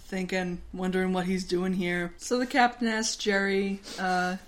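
Animated woman retelling a film. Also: on the low side, unhurried. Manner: animated, acts out characters in silly voices. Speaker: podcast co-host. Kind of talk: casual chat retelling a movie.

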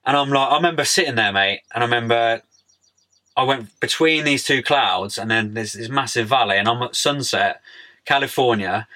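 Chatting casually in an interview as a podcast guest, this young British man stays laid-back, using plenty of slang and calling people "mate." His mid-range voice has a sharp tone and moves at a moderate pace.

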